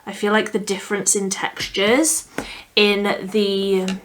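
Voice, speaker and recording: Young woman, beauty vlogger, slow and chatty, thinks out loud, middle pitch, soft murmured asides. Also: flat delivery, a little hiss or hum. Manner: chatty, thinking aloud, drops to a soft murmur while working. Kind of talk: casual makeup tutorial chat.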